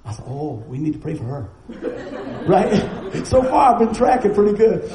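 A middle-aged man, preaching a sermon in a folksy, storytelling way with quick asides. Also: sits high, sing-song, roomy sound, crowd noise, low-quality recording. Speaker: pastor.

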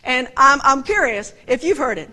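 A woman delivers a conversational sermon in a high, bright voice. She preaches with animated emphasis and keeps turning to her listeners with direct questions. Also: moderate pace.

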